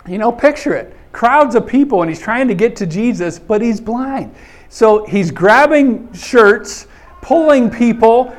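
A man preaching a folksy sermon and reading scripture, often saying "okay" and acting out scenes in a raised voice. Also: high voice. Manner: animated, acts out scenes in raised voice.

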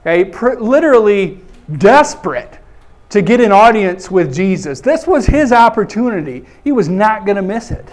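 A man's voice: high-pitched, moderate pace. A man preaching a folksy sermon and reading scripture, often saying "okay" and acting out scenes in a raised voice. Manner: animated, acts out scenes in raised voice.

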